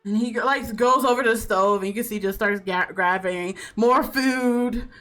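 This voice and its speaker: A woman's voice: on the high side, normal speed, a bit bright, soft background music. A woman narrating as game master in casual, laughter-filled talk, with swearing.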